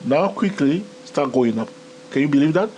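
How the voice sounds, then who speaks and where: A man with a non-native English accent teaching a live trading tutorial, animated and chatty, often checking in with "okay?" and "my friend". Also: fairly high pitch, normal speed, a little hiss or hum. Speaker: trading educator.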